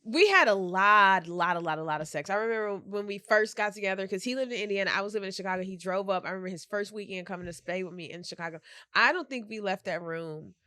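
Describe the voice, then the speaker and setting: A woman in her thirties, a guest on a dating podcast, telling stories in a candid, animated way and acting out what people said. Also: mid-range voice, quick pace, clean tone, no room sound, clean studio sound. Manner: animated, laughs often, acts out quotes. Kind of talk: casual chat.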